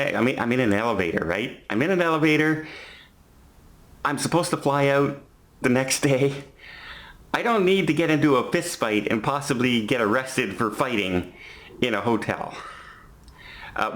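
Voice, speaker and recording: Filming himself in a hotel, a man in his fifties with a medium-pitched, fairly bright voice tells a story casually. The vlogger chats his way through what happened one step at a time.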